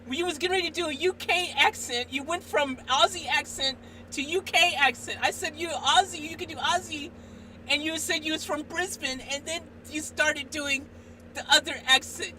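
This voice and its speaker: Excitable woman streamer, bright and high. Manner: excitable, exasperated, swinging between shouting and muttering. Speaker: live streamer. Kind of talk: live stream chat. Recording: distant mic, faint background noise.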